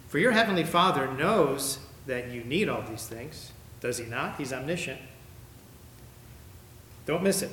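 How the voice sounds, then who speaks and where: A man preaching a sermon as pastor, emphatic, his voice climbing high when he reads verses. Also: fairly bright tone. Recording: echoey room with faint ambience.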